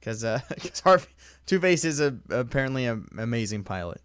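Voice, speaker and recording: Laid-back chuckling man, smooth dry voice. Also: medium pitch, big pitch swings, brisk, fairly bright tone, no room sound. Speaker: podcast co-host. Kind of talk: casual movie commentary chat.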